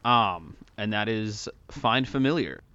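Slow, hesitant man playing a tabletop game. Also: lowish voice, lively intonation, bright, forceful tone, lo-fi sound. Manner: hesitant, lots of ums and likes. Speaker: player. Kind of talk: in-character tabletop game play.

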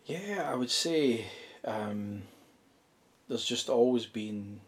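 Scottish male musician guest, home studio, mid pitch, meandering delivery full of fillers. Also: expressive, slow pace. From Scotland. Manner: thoughtful, rambling with many fillers. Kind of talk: casual interview chat.

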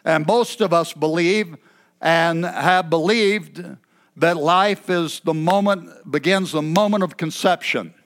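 A man's voice: a little high, takes it slowly, fairly bright tone. Folksy preacher man, raised voice. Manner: folksy, chatty asides with throat-clearing. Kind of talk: sermon. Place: church.

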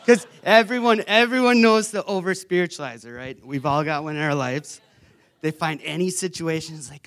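A young man sharing a church testimony. He is an animated, self-mocking storyteller who uses many filler words. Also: on the high side, normal speed. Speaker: retreat participant sharing testimony.

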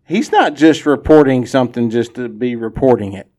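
A man's voice: mid-range voice, expressive, moderate pace, warm tone. A man hosting a casual sports podcast, easygoing and opinionated, laughing often. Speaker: podcast host.

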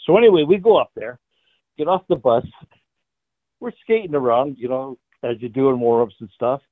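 An older man, a former hockey player appearing as a guest, tells a profane hockey story and laughs often. His voice is medium in pitch and moderately paced, and the dry, tinny line sounds like a phone with no echo.

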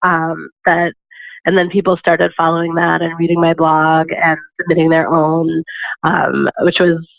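A woman's voice: deep voice, level tone, a little slow, vocal fry, no room sound. A woman guest answering interview questions in a rambling, hesitant way with many fillers. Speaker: guest, campaign worker. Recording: dry tinny phone-like line.

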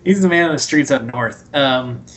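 A man's voice: medium pitch, normal speed, a bit bright. A man co-hosting a podcast, casually recapping a movie and acting out lines from its scenes. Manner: rambling, retells scenes in quoted voices. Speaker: podcast co-host.

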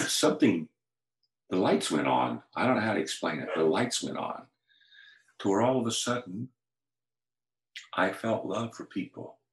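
A man's voice: low-pitched, expressive, measured pace, pauses often, fairly bright tone, echoey room, low-quality recording. An older man, a pastor, earnestly telling a personal faith story in conversation. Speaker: pastor, interview guest.

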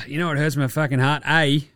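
A man's voice: a little high, sharp tone, no room sound. Young Australian male host for casual sports chat: blunt, laid-back, heavy on the swearing, bone-dry close-mic sound. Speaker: podcast host.

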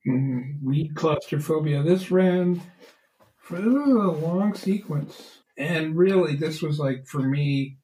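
A man's voice: a little high, lively intonation, slow pace, warm tone, rough recording. A man who makes online comics, reflecting casually on comic strips. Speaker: podcast co-host, online comic artist. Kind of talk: casual chat about comics.

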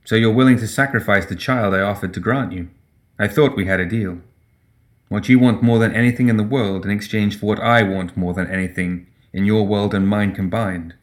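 A smug, cooing demon spirit sneers and taunts in a deep voice, as a man reading the story puts him on. The tone stays low and gloating throughout. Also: fairly even intonation, fairly quick, lightly acted. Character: sly mocking male demon spirit.

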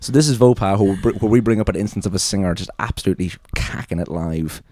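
A man's voice: sits low, quick pace, mellow, no room sound. A man hosting a podcast in loose, joking banter with some swearing. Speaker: podcast host. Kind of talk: casual chat.

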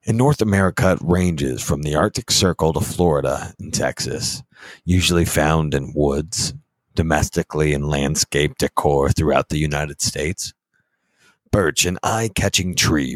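A stern older gentleman with a cigar and a glass of bourbon , voiced by a man reads with slow, weighty gravity. The voice sits very low. It is dry and close to the mic. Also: no room sound, poor audio. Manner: slow, grave, deliberate reading. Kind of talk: in-character reading of a herbal text.

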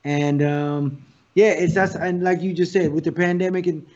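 A guest actor and comedian tells stories in a casual interview, animated and full of profanity. His voice sits on the high side at a normal pace, and the audio sounds dull.

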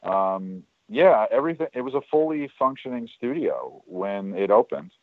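Over a tinny phone-like connection with a dry sound, a man with a lowish voice talks at a moderate pace with lively intonation. As an interview guest, the former studio worker rambles through stories of his years there, restarting often and using many fillers.

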